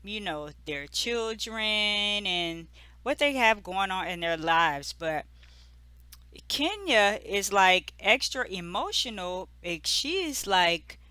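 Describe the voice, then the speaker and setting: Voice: medium pitch, animated, slow, bright, forceful tone, smooth, no room sound. A host giving a casual, gossipy episode recap, full of "like" and "you know". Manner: chatty, filler-heavy storytelling with lots of "like" and "you know"; amused, gossipy asides.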